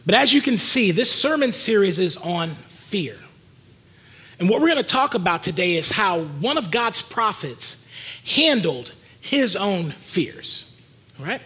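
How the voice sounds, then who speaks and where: Male pastor, casual preaching style, high husky voice, very lively delivery. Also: a little slow. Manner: conversational preaching, asks the congregation questions. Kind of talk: sermon.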